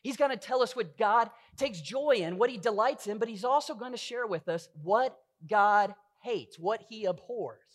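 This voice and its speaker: A man's voice: high voice, moderate pace, hardly any pauses. A middle-aged man preaching a sermon as pastor, earnest and full of rhetorical questions.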